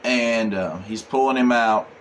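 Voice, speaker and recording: A man with a mid-range voice reviews a comic book, speaking a little slowly over slight background noise. He recaps the plot casually and rambles, leaning hard on "um" and "he's like."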